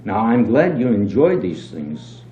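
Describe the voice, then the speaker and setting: A man reading aloud and voicing a shrewd, calm innkeeper who talks with wheedling mock innocence. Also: on the low side, measured pace. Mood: coaxing. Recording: dull, roomy old home tape with hum.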